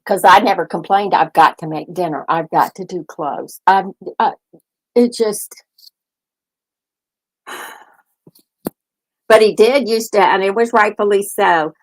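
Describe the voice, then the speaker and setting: A woman's voice: medium pitch, measured pace, long pauses, poor audio. An older woman hosting a casual chat, telling family stories in a chatty way, laughing often and acting out what her family said. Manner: chatty storytelling, laughs often, acts out family members' lines. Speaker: host.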